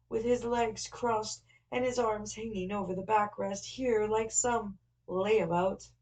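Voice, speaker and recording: A woman's voice: mid-range voice, darkish tone, lightly acted, low-quality recording. A woman reading a novel aloud, voicing an earnest, flustered young man who explains things at length.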